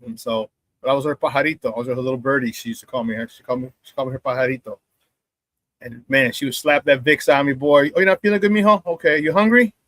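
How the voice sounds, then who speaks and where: A man's voice: mid-range voice, level tone, quick pace, fairly bright tone, dry recording. A man hosting a casual live sports talk show, chatting with viewers, laughing often and repeating phrases for emphasis.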